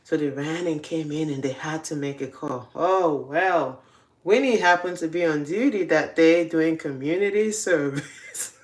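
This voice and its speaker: A woman's voice: deep voice, measured pace, darkish tone, slight background noise. A young adult woman casually telling confessional stories, often breaking into laughter. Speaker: host. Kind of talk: casual storytelling.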